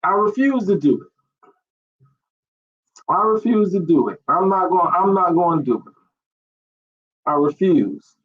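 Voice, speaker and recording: A man's voice: high voice, lively intonation, a little slow, pauses often. A man preaching an online sermon, asking rhetorical questions and repeating phrases. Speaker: pastor. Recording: dull lo-fi stream audio.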